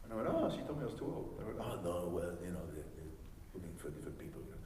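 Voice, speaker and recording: A man's voice: low-pitched, big pitch swings, racing, a little mellow, slight background noise. A man in his forties, a guest at a convention panel, telling chatty stories to a live audience. He laughs often and acts out other people's lines. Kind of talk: anecdotal storytelling to a live audience. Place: large convention hall. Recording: echoey hall recorded from far off.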